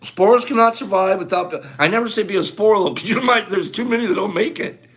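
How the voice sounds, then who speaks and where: A man's voice: high voice, fast talker, fairly bright tone. A man reading a book aloud and breaking into emotional commentary, getting carried away, laughing often and talking to his listeners. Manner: gushing, gets carried away, near tears. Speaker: book reader.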